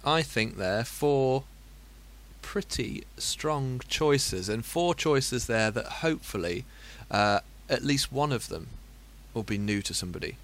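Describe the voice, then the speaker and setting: A man hosts a casual podcast chat in a mid-pitched voice. He argues emphatically and stacks point on point. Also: lively intonation, slow pace, a bit bright. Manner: emphatic, builds lists of points. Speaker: podcast host.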